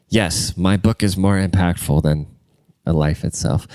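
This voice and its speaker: A young man with a deep, clean voice hosts a solo podcast, ranting casually in a crude, rambling way. He sounds congested and jumps between loud and muttered speech. The recording is dry.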